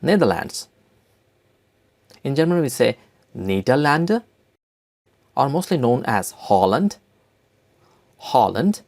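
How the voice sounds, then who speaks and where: A male teacher walks learners through vocabulary at an unhurried pace, repeating each word several times. His voice has a gravelly fry to it. His pitch rises and falls a lot. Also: very animated, a little mellow. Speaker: language teacher. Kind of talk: slow spoken language lesson.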